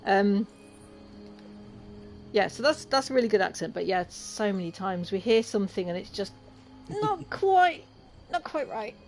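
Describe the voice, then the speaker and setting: A woman's voice: mid-range voice, moderate pace, creaky, pauses often, faint music behind. A woman from Lincolnshire with an English accent, chatting casually and laughing often while streaming a game. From Lincolnshire, England. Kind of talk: casual gaming chat.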